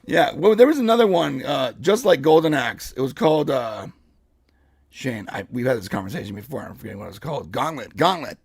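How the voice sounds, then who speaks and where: A hoarse man hosting a casual live podcast, leading the topics with excited chatter. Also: mid-range voice, fairly quick, no echo, studio quality. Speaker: podcast host.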